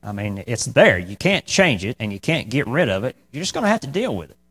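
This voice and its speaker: A male preacher walks his listeners through scripture verse by verse in a mid-range voice. He talks conversationally, tossing in "okay?" and dry, sarcastic asides. When he presses a point, his voice climbs high and loud. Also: big pitch swings, fairly quick, husky. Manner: conversational, repeats "okay?" to the congregation. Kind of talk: verse-by-verse Bible teaching.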